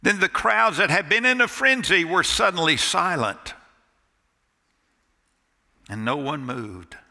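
A man preaching a sermon as a pastor, telling a story dramatically with pauses and sudden drops to a near hush. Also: a little high, expressive, vocal fry. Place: church sanctuary. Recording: long reverb of a church hall.

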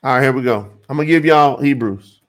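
A man from the United States hosting a livestream, teaching Hebrew scripture and answering the chat, with stretched-out emphasis. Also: mid-range voice. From USA. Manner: animated, drawn-out emphasis, addresses chat as y'all.

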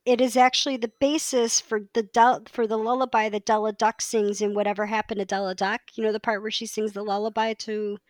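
A woman's voice: mid-range voice, level tone, a little fast, few pauses, dry recording. A woman co-hosting a podcast in casual chat, enthusiastic and chatty, often restarting her sentences. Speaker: podcast co-host.

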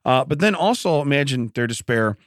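Male radio co-host, lively pitch, dry close mic, chatty and laughing. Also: fairly quick, no room sound. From Illinois. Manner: laughs often, animated storytelling. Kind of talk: casual banter.

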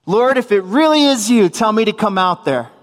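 Preacher playing an excited, pleading grown fisherman, high voice, long hall echo. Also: normal speed. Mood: eager pleading. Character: eager, doubting adult male fisherman disciple.

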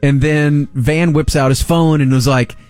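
A man in his forties, a radio host, telling a family story in a lively way and laughing along. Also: fairly high pitch, a little slow, faint music behind. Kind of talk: casual storytelling on a sports talk show.

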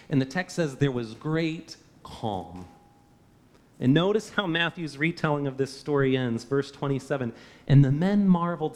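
Earnest, emphatic male preacher. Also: a little high. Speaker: pastor. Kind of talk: sermon.

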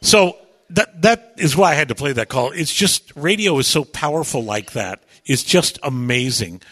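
A man hosting a radio show, chatty and animated as he tells stories, often stumbling over repeated words and slipping into voices. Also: a little high, moderate pace. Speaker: radio host. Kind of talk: animated on-air storytelling. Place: radio studio.

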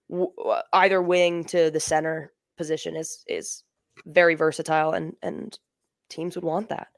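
Woman, podcast co-host, casual banter, rambling, lower voice, dry recording. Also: gravelly, no echo. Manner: joking, rambling, frequent ums. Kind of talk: casual chat.

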